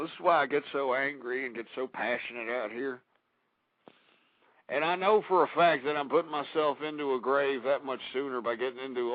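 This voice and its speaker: A man's voice: medium pitch, no echo, phone-quality sound. Groaning, agitated male radio host. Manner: agitated, groaning and moaning between ranting lines. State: distressed and pained. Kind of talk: talk radio monologue.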